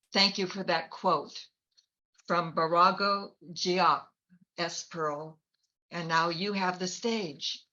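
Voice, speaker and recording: A woman hosting a storytelling event over a video call, speaking haltingly with fillers. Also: lowish voice, fairly even intonation, pushed and bright. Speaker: host. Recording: dull lo-fi video call audio.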